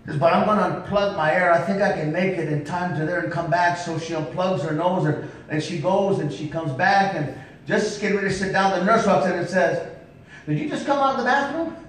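A man's voice: fairly even intonation, brisk. A man preaching at a revival, telling stories with emphatic calls of "come on now" to the congregation. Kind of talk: revival sermon storytelling. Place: church sanctuary. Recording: echoey church hall from far off, faint rumble.

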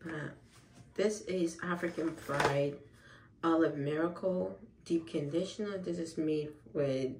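A woman's voice: low-pitched, takes it slowly, a little mellow. A woman hair vlogger testing a product in casual talk, fretting aloud and upset with herself. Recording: roomy echo with faint background hiss.

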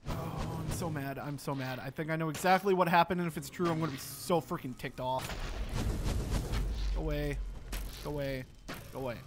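A man's voice: on the high side, fairly quick, pauses often, noisy background. A young man giving gameplay commentary, exasperated and talking to himself as he plays. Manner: exasperated, talks to himself while playing. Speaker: gaming channel host.

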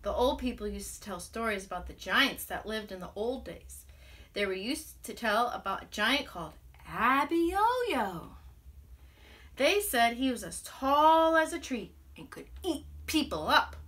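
A woman music teacher telling a children's story aloud, animated and expressive, with playful sound effects. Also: fairly high pitch, measured pace. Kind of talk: storytelling to children with ukulele song.

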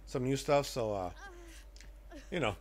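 Animated, chatty male game streamer. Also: mid-range voice, a little slow. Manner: rambling, chatty, reacts loudly to gameplay. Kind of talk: casual live-stream chat.

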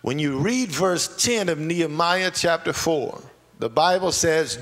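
A pastor preaching a sermon, moving between quiet asides and shouted lines, laughing along the way. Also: male voice, fairly high pitch, animated, measured pace, few pauses. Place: church sanctuary. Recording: long church hall reverb, faint ambience.

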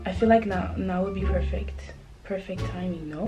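A woman's voice: lowish voice, normal speed, lo-fi sound, music in the background. A young woman vlogging at home, chatty and nervous, giggling and swearing freely as she talks to her viewers. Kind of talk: casual vlog chat to camera. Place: room at home.

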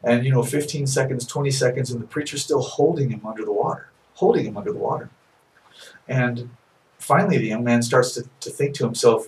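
A soft-spoken minister tells a story in an unhurried way, often pausing and restarting. His voice sits at a middle pitch for a man. He sounds a bit distant from the microphone, recorded in a small office. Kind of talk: sermon storytelling.

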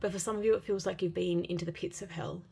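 A woman giving an intuitive tarot reading for viewers, speaking in an earnest, gentle and heartfelt way and often repeating phrases. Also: lowish voice, fairly even intonation, fast, vocal fry, slightly rough. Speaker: tarot reader.

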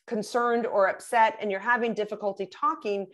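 A woman, a guest on a podcast, talking through communication tips with lively, animated delivery and quick acted-out phrases. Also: mid-range voice. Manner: animated, acts out little quoted phrases, restarts words. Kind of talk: casual interview talk.

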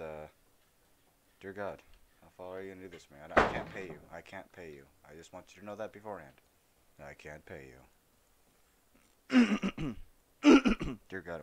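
A man's voice: low voice, sing-song, normal speed, long pauses, heavy background noise. A young man streaming a shooter game, rambling and joking as he talks to the characters he meets. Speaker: gaming streamer. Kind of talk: casual let's-play commentary.

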